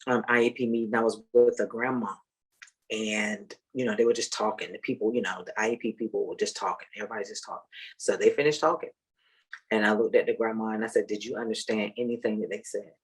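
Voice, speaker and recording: A woman who works as a parent advocate, talking in a measured way with many fillers. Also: very deep voice, slightly rough, rough recording. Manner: measured, full of "um" and "you know". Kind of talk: casual chat.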